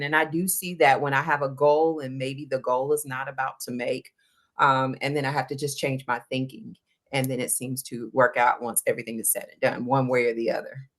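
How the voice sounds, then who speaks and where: A woman guest on an interview show, talking casually and animatedly about working with her running coach, acting out quoted conversations. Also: a bass voice. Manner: animated storytelling, acts out quoted dialogue. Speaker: guest, endurance runner.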